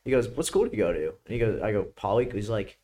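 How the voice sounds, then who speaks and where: A man's voice: fairly low pitch, very animated, fast talker, mellow. Laid-back young New York man. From Brooklyn, New York. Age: young adult. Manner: laid-back, laughing, lots of "like". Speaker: guest. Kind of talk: casual chat.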